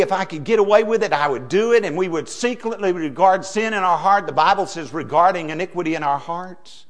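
A middle-aged man preaching a sermon as pastor, folksy, swinging from hushed asides to loud emphasis. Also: high-pitched.

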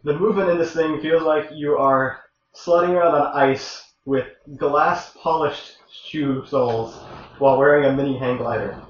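A man's voice: a little high, steady tone, moderate pace. A man talks his way through a casual review on a live stream, rambling and stopping to restart his sentences. He sits well back from the mic in a very echoey room, and the sound is dull and lo-fi. A faint hiss sits under his voice. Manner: rambling, self-interrupting, exasperated at interruptions. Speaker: podcast host presenting a game review. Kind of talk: casual chat. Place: room shared with two co-hosts on a live stream. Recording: roomy, distant, dull lo-fi mic with faint noise.

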